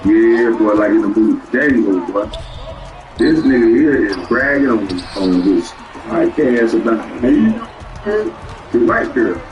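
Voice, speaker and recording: A man's voice: lowish voice, expressive, unhurried, a little mellow, muffled recording. A man streaming a reaction, laughing a lot and mocking the person in the clip in casual commentary. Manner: laughs often, teasing, repeats lines back. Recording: roomy, distant from mic, faint music.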